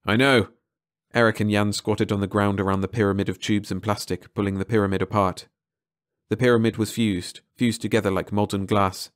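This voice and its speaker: A man narrating an audiobook in calm, measured scripted narration. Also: on the low side, no room sound, clean studio sound.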